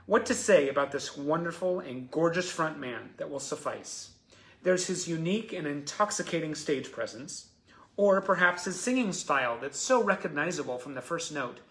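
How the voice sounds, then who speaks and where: A man's voice: fairly high pitch, moderate pace. A man hosting a live stream, reading out fan messages and reacting to each one. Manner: reads letters with rising excitement, chuckles between them.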